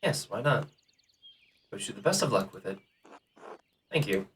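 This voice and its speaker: A man's voice: on the low side, animated, unhurried, fairly bright tone, slight background noise. A man streaming a video game, chatting casually and reading characters' lines aloud in his own voice.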